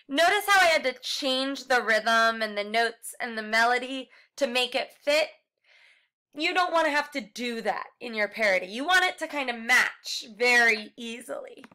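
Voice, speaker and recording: A woman's voice: on the high side, expressive, normal speed, bright, forceful tone, clear, resonant tone. A woman music teacher explaining a class project step by step in a recorded lesson, now and then singing short examples.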